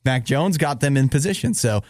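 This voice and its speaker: A man's voice: medium pitch, animated, normal speed, darkish tone, no echo, studio quality. A man co-hosting a radio show, chatting casually and giving joking, opinionated takes. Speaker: radio co-host. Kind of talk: casual chat.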